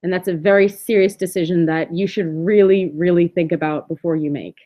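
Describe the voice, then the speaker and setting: A woman's voice: fairly low pitch, fairly even intonation, a little fast, dark tone. A woman hosting a livestream, reading chat comments and speaking bluntly and candidly. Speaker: livestream host.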